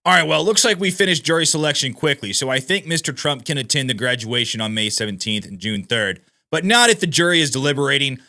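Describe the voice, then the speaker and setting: A man reading out the lines of a judge in a formal, measured way. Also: mid-range voice, expressive, pushed and bright. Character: stern male judge reading rulings.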